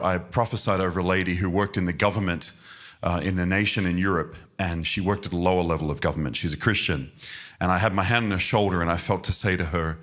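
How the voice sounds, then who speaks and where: A man's voice: lowish voice, fairly bright tone. A man preaching as a guest at a church service, earnest in prayer and lightened with self-deprecating humor. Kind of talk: sermon and prayer.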